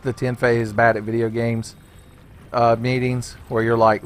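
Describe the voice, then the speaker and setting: A man's voice: mid-range voice, level tone, normal speed, faint music behind. A man hosting a gaming channel, rambling through a let's play with constant jokes, frequent laughter and casual swearing.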